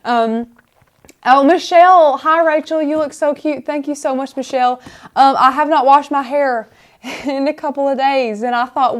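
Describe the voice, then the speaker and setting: A woman's voice: high voice, steady tone, normal speed. A woman hosting a casual craft live stream, chatty and rambling as she talks viewers through the steps.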